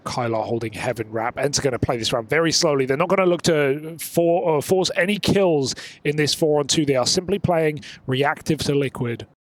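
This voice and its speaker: A man calling play-by-play on a pro esports match, with quick, emphatic calls and banter. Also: on the high side. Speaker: esports caster. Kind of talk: play-by-play commentary. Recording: clear gunfire from game behind.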